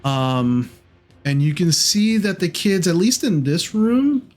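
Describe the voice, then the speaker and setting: A man running a tabletop game as game master, narrating in an unhurried, rambling way with many ums and self-corrections. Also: high-pitched, lively intonation, a little mellow, soft background music.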